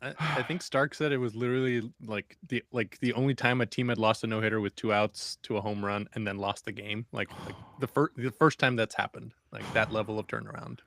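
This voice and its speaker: A man's voice: fairly low pitch, steady tone, a little fast, vocal fry, hardly any pauses, fairly bright tone, no echo, studio quality. A man co-hosting a casual sports podcast, laid-back and a little hesitant. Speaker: podcast co-host.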